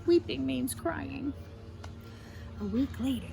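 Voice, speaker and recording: A woman reading a children's picture book aloud, her voice swinging widely as she explains each new word. She speaks a little high, and faint music plays underneath her. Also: slow pace, creaky, rough recording. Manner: animated, explains fancy words to children.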